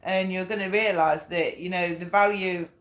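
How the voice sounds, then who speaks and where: A woman's voice: lowish voice, fairly even intonation, moderate pace. A woman giving a casual spoken tarot reading, chatty and blunt, repeating her points and swearing now and then. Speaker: tarot reader. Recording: echoey room.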